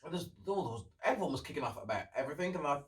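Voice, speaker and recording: A man's voice: fairly high pitch, big pitch swings, racing, recorded from a distance, low-quality recording. A young man hosting a solo podcast, rambling in casual chat, sarcastic and swearing as he rants. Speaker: podcast host.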